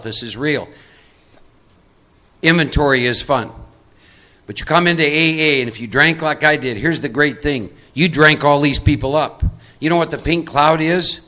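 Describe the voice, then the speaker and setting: This Texas man, middle-aged, speaks in a fairly high, somewhat bright voice as he runs a live recovery workshop. He casts volunteers from the audience into roles, pressing his main points hard and saying them again and again.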